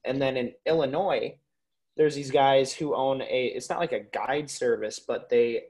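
Animated young man telling hunting stories. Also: medium pitch, measured pace. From Minnesota. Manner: animated storyteller, swears freely, lots of "like" and "dude". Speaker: podcast guest, waterfowl hunter. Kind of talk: casual podcast interview.

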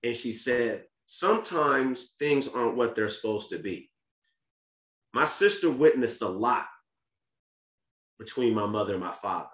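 A man's voice: medium pitch, animated, unhurried, pauses often, fairly bright tone. A man speaking as a podcast guest, telling a candid personal family story in an earnest, casual way, often restarting and repeating words. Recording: roomy echo.

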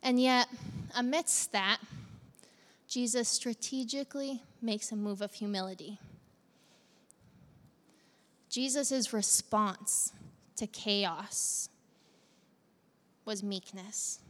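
A woman's voice: mid-range voice, slow, long pauses, a bit bright, big-room sound. A woman pastor preaching a sermon in a conversational manner, talking straight to the congregation with questions.

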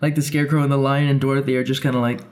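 A man's voice: medium pitch, level tone, very fast, a little mellow. A young man chatting casually on a podcast, telling stories animatedly and acting out quoted voices. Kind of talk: casual chat.

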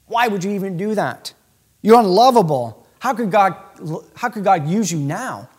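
Preacher doing a sneering devil voice, low and hushed, lively swings in pitch. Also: male voice, moderate pace, slightly rough. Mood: scornful. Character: taunting devil voice, male, sly and scornful.

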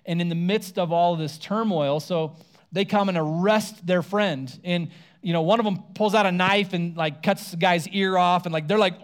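A pastor with a slightly higher-than-usual male voice delivers a sermon in a relaxed, talky manner. He retells scripture as if chatting with friends and briefly acts out the characters' words. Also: moderate pace, smooth. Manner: casual conversational preaching, acts out quoted lines.

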